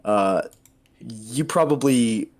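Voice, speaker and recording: A man running a tabletop game as its game master. He talks slowly and easily, often pausing on fillers and breaking into giggles, with a mid-range voice. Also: medium pitch. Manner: relaxed, giggly, lots of fillers.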